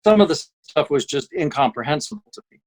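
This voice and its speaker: A man, a voice actor guest, telling lively anecdotes in a casual interview and slipping into quick impressions. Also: fairly high pitch, creaky, rough recording.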